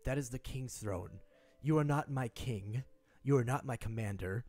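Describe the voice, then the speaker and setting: A man doing a cold, slow-spoken commander. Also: a little mellow, close to an everyday voice. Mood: stern. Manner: slow, measured, low and clipped. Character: cold stern male commander, slow and contemptuous.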